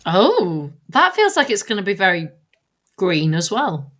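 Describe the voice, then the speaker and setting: A woman's voice: mid-range voice, big pitch swings, unhurried, a bit bright. A woman co-hosting a podcast in casual chat, thinking aloud with lots of fillers and restarts. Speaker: podcast co-host.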